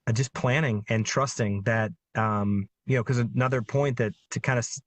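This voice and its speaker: A man's voice: mid-range voice, fairly even intonation, moderate pace. A man in his thirties, a guest medium, speaking earnestly in a casual interview chat with many fillers.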